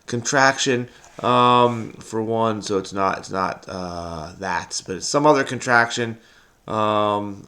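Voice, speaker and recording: A man's voice: mid-range voice, bright, forceful tone. Frenetic man thinking aloud. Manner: frenetic, muttering to himself, bursts into song. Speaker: crossword solving video host. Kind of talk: thinking aloud while solving, casual.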